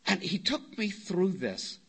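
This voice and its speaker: A man's voice: sits high, a little slow, vocal fry, breathy edge. An older man from California speaking at a recovery meeting, telling a long wry story and quoting people as he goes. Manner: wry anecdotal storytelling, quotes others in lively voices. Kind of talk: storytelling talk to a live meeting. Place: meeting hall before an audience.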